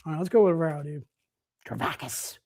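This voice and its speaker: A man's voice: high-pitched, fairly quick. Upbeat chatty man hosting a live sale. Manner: upbeat, chatty, says "dude" constantly. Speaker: livestream sales host. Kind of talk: casual live sales patter.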